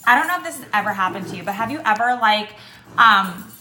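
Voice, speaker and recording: A woman's voice: mid-range voice, animated, quick pace, bright, forceful tone, soft background music. A young woman chatting casually at home, reviewing products with lots of fillers. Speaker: beauty vlogger. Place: home with dogs. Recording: echoey room, faint noise.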